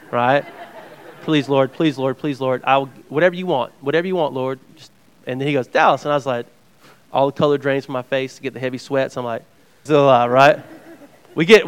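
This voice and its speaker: A man's voice: mid-range voice, clear, resonant tone. A man from Georgia preaching a conversational sermon as a Bible teacher, restarting phrases and checking in with his listeners.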